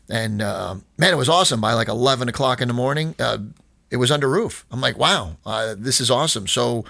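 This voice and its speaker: Gravelly man rambling through a story. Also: medium pitch, a bit bright, no echo. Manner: rambling, many restarts and fillers, retells exchanges with quoted dialogue. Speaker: skatepark owner, podcast guest. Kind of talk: casual storytelling chat.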